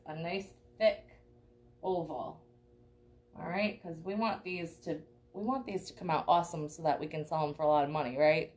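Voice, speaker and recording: A young woman teaching a live online painting class, chatty and encouraging, checking in with "okay?" often. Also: lowish voice. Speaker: art teacher.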